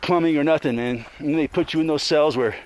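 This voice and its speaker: An angry man rants on and on, full of swearing and tacking "man" onto his sentences. His voice sits slightly high, and he wanders from one grievance to the next in a loose, unscripted monologue. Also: fairly quick, slight background noise. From Colorado. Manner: rambling, profane, angry, repeats "man". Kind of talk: casual monologue rant.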